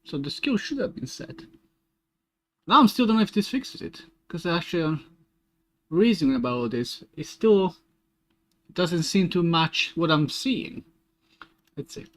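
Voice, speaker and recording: A man streaming game development, thinking aloud in a casual, halting way as he works through code. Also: a little high, expressive, a bit bright. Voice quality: muttering to himself, halting restarts.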